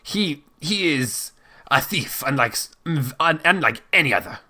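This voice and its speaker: A man's voice: medium pitch, unhurried, fairly bright tone, natural voice. A man voicing a pompous, portly baron who reads a decree in a put-on European accent that keeps slipping.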